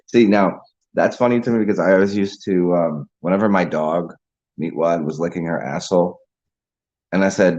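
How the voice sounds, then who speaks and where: A man's voice: low voice, brisk, darkish tone, highs cut off. A man hosting a casual livestream, rambling, laughing and chatting with viewers over a beer. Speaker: livestream host.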